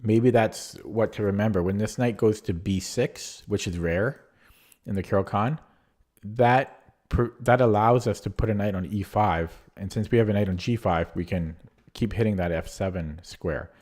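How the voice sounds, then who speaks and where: A man's voice: fairly low pitch, normal speed, darkish tone. A man commentating his own online chess games casually, thinking aloud with many fillers and restarts, his voice getting worn out. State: losing his voice. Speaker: chess streamer.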